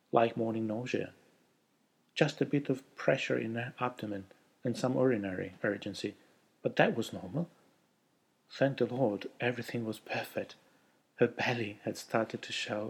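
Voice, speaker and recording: Gravelly man narrating a story. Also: mid-range voice. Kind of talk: first-person story narration.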